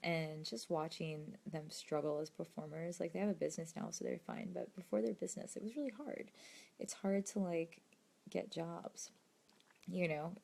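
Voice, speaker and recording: A young woman, an actress and video creator, reading fan questions in a late-night livestream, talking softly and hesitantly, often dropping to a near-whisper. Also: on the low side, steady tone, moderate pace, gravelly. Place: indoors at home late at night.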